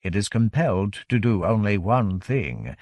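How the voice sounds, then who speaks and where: A man voicing a grim male fixer who explains things in a flat, matter-of-fact way, in an audiobook. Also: fairly low pitch, unhurried, no echo, clean studio sound.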